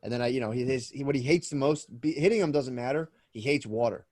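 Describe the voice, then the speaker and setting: A man's voice: medium pitch, fast, a little mellow, slightly rough, dry recording. A man co-hosting a podcast over a remote call, telling rambling stories with lots of swearing and restarts. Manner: rambling storyteller, swears a lot, frequent restarts. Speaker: podcast co-host. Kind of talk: casual chat. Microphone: remote call mic.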